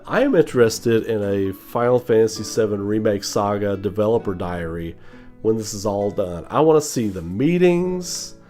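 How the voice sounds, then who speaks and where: Animated male host, lowish voice, casual swearing rant over quiet guitar. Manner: animated, swears freely, mimics mumbling voices. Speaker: channel host.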